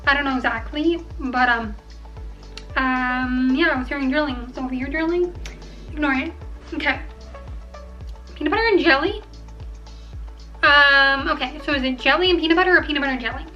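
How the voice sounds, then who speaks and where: A young woman chatting casually to camera at home, rambling and filling pauses with ums as she weighs each choice. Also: high-pitched, sharp tone, muffled recording, soft background music. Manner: chatty, rambling, filler-heavy. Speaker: vlogger. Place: home room.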